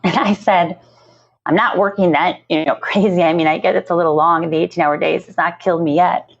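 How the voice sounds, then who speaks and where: A woman's voice: fairly low pitch, fairly even intonation, brisk. Earnest woman on a muffled line. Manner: earnest, passionate, repeats herself. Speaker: nonprofit founder, guest. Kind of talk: emotional podcast interview. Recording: muffled lo-fi audio.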